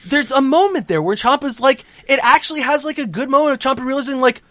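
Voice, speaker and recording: High-voiced, animated, swearing man. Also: quick pace, hardly any pauses, no room sound, studio quality. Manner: animated, profane storytelling. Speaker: podcast co-host recapping wrestling. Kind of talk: casual chat.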